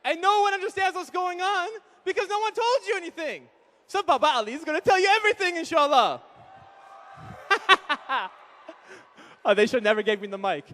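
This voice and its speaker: A man in his thirties doing animated stand-up comedy, acting out quick voices of husbands and wives on a live hall mic. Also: extremely high pitch. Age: 30s. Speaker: comedian speaker at an event. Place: large hall with an audience.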